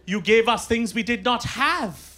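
A man with an Indian English accent performing a stand-up set on stage in a deliberate, mock-formal way. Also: extremely high pitch, lively intonation, bright, forceful tone. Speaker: stand-up comedian. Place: comedy venue with a live audience. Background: audience laughter.

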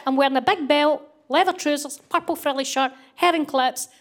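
A middle-aged woman from Scotland performs stand-up, her voice pitched high and moving at a fairly quick clip. She tells a story animatedly, acting out the voices of its characters and laughing her way through the punchlines.

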